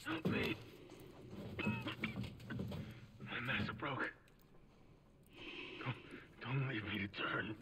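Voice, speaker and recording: A desperate infected man, pleading in a slow, faltering voice that swings wildly up and down. Loud game noise presses in around him. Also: medium pitch, wildly swooping pitch, heavily acted. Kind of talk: video game dialogue.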